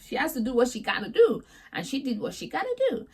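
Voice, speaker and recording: A young woman rants through a reality TV recap with sassy, chatty exasperation. Her voice sits a little on the high side. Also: big pitch swings, fast talker, darkish tone, slightly rough. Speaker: vlogger host.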